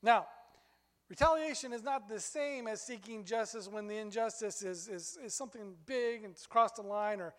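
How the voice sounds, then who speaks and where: A man preaching a sermon as pastor, telling stories in an animated way that climbs high when he gets excited. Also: in a large hall.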